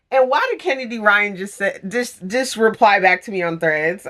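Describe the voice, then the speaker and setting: A woman's voice: mid-range voice, big pitch swings, normal speed, hardly any pauses, fairly bright tone, slight background noise. A young woman chatting in a casual reading vlog, gushing and chatty with many fillers. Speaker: book vlogger.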